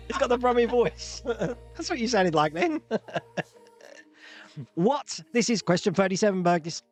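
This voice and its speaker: A man hosting a live-streamed pub quiz, jokey and quick to laugh as he reads out multiple-choice options. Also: high voice, lively intonation, faint music behind. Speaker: quiz host.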